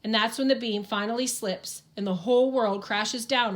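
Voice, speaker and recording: A woman's voice: fairly high pitch, fairly even intonation, normal speed. A woman reading a first-person audiobook in an earnest, plain-spoken storytelling manner. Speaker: audiobook narrator.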